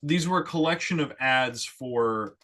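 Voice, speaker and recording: A man co-hosting a casual comedy chat, lively, explaining with many fillers. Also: medium pitch, a little slow. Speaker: podcast co-host.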